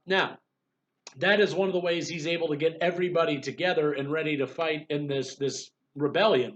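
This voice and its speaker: A man's voice: on the high side, a bit bright, rough recording. A man giving a recorded history lecture in a conversational way, with fillers and restarts, sometimes acting out quoted voices. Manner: acts out quoted voices to make points. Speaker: history instructor.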